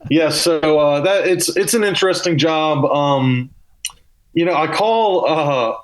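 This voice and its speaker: A man's voice: a little high, a little slow, a crowd in the background, poor audio. Young man with a Southern accent. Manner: loose, self-deprecating storytelling. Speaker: comedian guest. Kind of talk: casual podcast interview.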